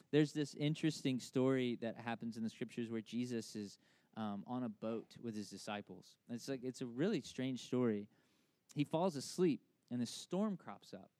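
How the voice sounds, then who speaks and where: A middle-aged man preaching a sermon as a pastor, in a conversational, animated way with frequent fillers. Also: fairly high pitch, dry recording.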